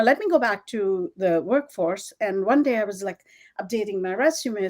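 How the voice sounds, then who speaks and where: Middle-aged woman, Indian English accent, fairly high voice, animated storytelling, frequent laughs. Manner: animated, laughs often, many fillers. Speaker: guest, fashion designer. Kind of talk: conversational interview storytelling.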